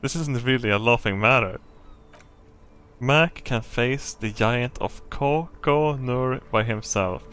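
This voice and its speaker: A man streaming a story game, reading the text aloud with crude, joking asides. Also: mid-range voice. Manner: loud, crude, laughing asides.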